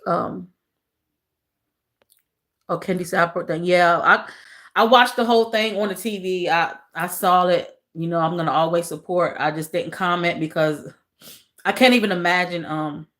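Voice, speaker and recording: Woman, livestream host; casual chat with viewers, soft and emotional, repeats lines. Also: fairly low pitch, steady tone, moderate pace. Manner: repeats phrases, talks to chat as y'all.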